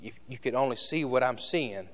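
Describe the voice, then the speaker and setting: A man preaching a sermon in a church with passion, shifting between loud shouts and hushed asides to the congregation. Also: mid-range voice, normal speed.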